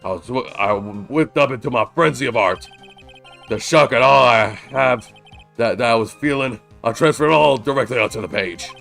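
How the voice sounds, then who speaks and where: A man voicing a brash young male wannabe artist in a game, boastful and theatrical, with loud bursts. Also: mid-range voice, normal speed, vocal fry, faint music behind.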